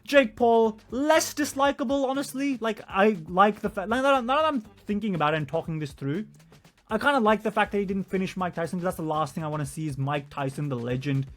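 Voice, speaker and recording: A young man venting in a heated, profane casual rant, his loudness swinging from mutters to shouts. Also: high voice, brisk, soft background music. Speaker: vlogger.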